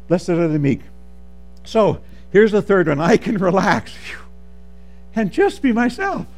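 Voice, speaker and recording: Animated preacher man, high and lively. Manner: animated, calls for amens, swings from soft to shouting. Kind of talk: sermon.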